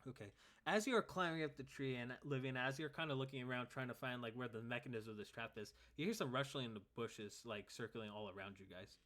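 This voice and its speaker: A man narrating as game master of a tabletop game, speaking in a relaxed way with many fillers. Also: mid-range voice, fast talker.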